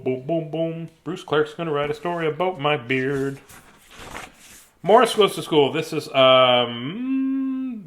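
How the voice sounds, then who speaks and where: A man's voice: mid-range voice, fairly bright tone. A man in his fifties reading a children's book aloud on his show, chatty and prone to rambling asides. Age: 50s. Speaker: host reading children's books. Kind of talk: casual live read-aloud.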